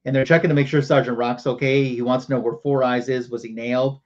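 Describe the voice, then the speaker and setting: A man at a middle pitch talks through a comic book story for his livestream audience. He speaks loosely and conversationally, with many ums and uhs. The audio sounds a little dull and lo-fi. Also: fairly even intonation, fast talker, a little mellow. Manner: casual storytelling with many fillers. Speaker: show host.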